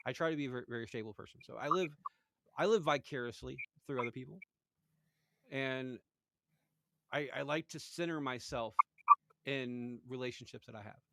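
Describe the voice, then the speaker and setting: A man's voice: mid-range voice, normal speed, long pauses, very noisy. A middle-aged man hosting a podcast, talking casually with many restarts and repeats. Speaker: podcast host. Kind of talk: casual chat.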